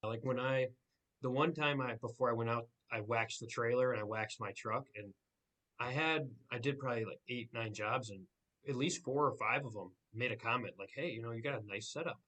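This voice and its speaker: A man's voice: medium pitch, brisk, a bit bright. Young man agreeing in casual chat. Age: 20s. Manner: agreeable, loose rambling sentences. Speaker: guest, small business owner.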